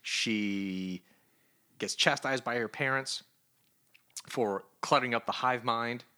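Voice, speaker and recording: A man co-hosting a podcast, chatting casually about comics in an animated way, with frequent stammering restarts and laughter. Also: mid-range voice, slow, clean tone. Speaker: podcast co-host. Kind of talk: casual comic review chat.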